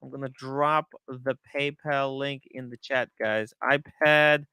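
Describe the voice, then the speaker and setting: A man hosting a casual livestream, excitable and talking in bursts, often repeating himself. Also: medium pitch, slow pace, clear, resonant tone, no room sound. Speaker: livestream host.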